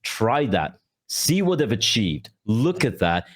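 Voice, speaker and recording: A man's voice: mid-range voice, sing-song, slow pace. A young man co-hosting a casual podcast, ranting with swearing and mock quotes. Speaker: podcast co-host.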